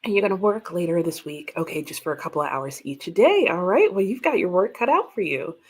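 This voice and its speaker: A woman's voice: fairly low pitch, big pitch swings, fairly quick, breathy edge. A woman hosting a casual livestream from her home, chatting, laughing often and reading out viewer comments. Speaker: livestream host. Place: home room with bookshelves.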